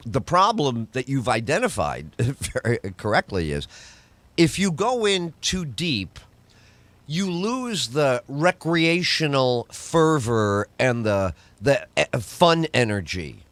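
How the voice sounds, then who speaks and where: A man's voice: mid-range voice, slow, no room sound. A middle-aged man from New York, a radio host and comedian, telling stories in conversation and acting out other people's lines. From New York, USA. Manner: acts out other people's lines in lively voices. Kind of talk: animated storytelling in conversation.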